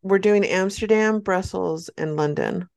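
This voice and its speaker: A woman's voice: mid-range voice, unhurried, vocal fry, a little mellow, dry recording, studio quality. A woman from California co-hosting a casual podcast chat, candid and dramatic in her stories, laughing often. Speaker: podcast co-host.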